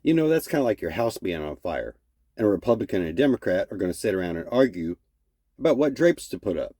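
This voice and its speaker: Blunt, cursing American host venting his opinions; lowish voice, dry close sound. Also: big pitch swings, quick pace, mellow, no echo. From United States. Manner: blunt and profane. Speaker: channel host. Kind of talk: opinion rant to camera.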